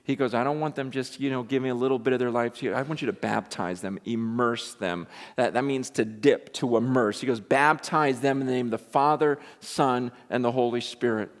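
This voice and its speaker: A man preaching a sermon in a lively, animated way, acting out quotes and building to loud, excited peaks. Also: mid-range voice, a little fast, few pauses. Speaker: pastor. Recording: long reverb of a large hall.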